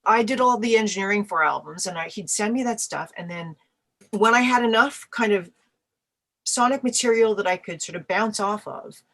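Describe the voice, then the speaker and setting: A middle-aged woman from Canada talks through her memories in a relaxed interview. She tells stories with energy, slipping into little acted-out voices for the people she quotes. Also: mid-range voice, moderate pace. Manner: animated storyteller, acts out quoted voices. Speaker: musician guest. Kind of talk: casual interview answers.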